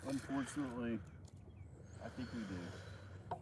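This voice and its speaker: A man's voice: medium pitch, a little slow, a little mellow, husky. A man with an Arkansas Southern accent chatting casually on a farm livestream, plain-spoken and self-deprecating. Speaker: cattle farmer vlogger. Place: outdoors on a farm near cattle.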